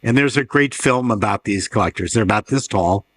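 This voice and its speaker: A man interviewing on a panel, with quick wry remarks and anecdotes. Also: on the low side. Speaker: interviewer, art newsletter publisher. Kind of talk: casual panel conversation. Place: fair talk stage.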